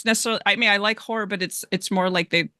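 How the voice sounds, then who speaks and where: A podcast host on a video call, chatting casually in a relaxed, conversational way. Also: medium pitch, rapid-fire, clean tone, dry recording, studio quality. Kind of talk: casual chat.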